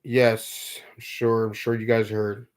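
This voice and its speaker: A man's voice: lowish voice, monotone, slow. Rambling young man chatting to a live chat. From New York. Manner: rambling, repeats words, talks to chat viewers. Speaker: livestream host. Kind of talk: casual live-stream chat.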